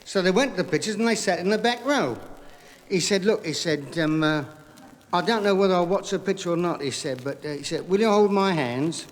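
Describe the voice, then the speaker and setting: A man doing stand-up comedy, telling joke after joke in a brisk patter full of "he said", recorded live on stage. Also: high-pitched. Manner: rapid gag patter with repeated "he said". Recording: live vinyl recording in a hall with audience laughter.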